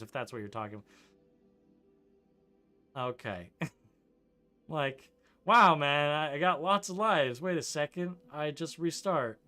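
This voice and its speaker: Casting: young male streamer from Canada, bright tone, loose chatty delivery, faint game music underneath. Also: on the high side, expressive, a little slow, long pauses. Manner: rambling, chuckling, lots of likes and ums. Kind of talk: casual gameplay commentary reading chat.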